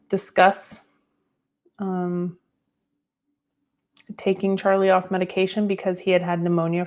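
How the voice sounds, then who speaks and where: A middle-aged woman hosting a podcast, telling a personal story in a reflective, unhurried way with many fillers. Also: fairly low pitch, darkish tone. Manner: reflective, tearful at times, with fillers. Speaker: podcast host.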